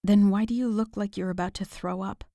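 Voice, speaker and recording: A woman's voice: medium pitch, fairly even intonation, fairly quick, mellow, no room sound, clean studio sound, natural voice. A woman voicing an earnest young heroine. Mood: teasing. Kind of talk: audiobook dialogue.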